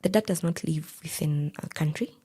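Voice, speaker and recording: A young Kenyan woman telling a personal story in an intense, breathy, half-whispered way. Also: sits low, moderate pace, mellow.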